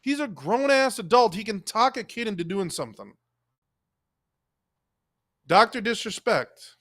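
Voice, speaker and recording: Male live streamer, higher register, dry close sound; heated, foul-mouthed, lecturing tone. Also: animated, measured pace, a bit bright, no room sound. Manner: heated, profane, scolding the audience. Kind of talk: angry live-stream commentary rant.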